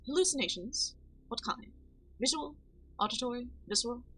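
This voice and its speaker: A woman voicing a calm, inquisitive male town doctor with measured, probing questions, reading game dialogue aloud. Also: on the high side, husky, voice pushed up, low-quality recording.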